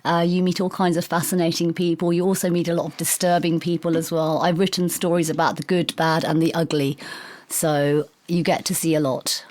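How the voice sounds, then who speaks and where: Casting: woman guest, lowish voice, gushing and chatty, musing tangents. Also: little pitch movement, brisk, darkish tone. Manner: effusive, chatty, philosophical asides. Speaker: music journalist guest. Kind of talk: casual chat.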